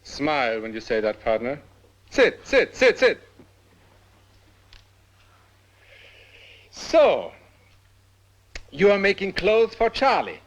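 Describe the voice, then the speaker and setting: An actor playing a middle-aged industrialist in a film drama, mocking and irreverent, snapping orders in between jokes. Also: male voice, on the high side, very animated, unhurried, dull audio. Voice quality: wry and mocking, abruptly commanding. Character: sardonic, irreverent, paranoid rich old man. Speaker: rich industrialist.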